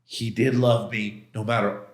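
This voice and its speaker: A man's voice: lowish voice, flat delivery, measured pace. Intense middle-aged man, roomy echo. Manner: intense, emotional retelling with many quoted exchanges and restarts; casual slangy phrasing. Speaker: podcast guest. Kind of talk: personal storytelling in a podcast interview.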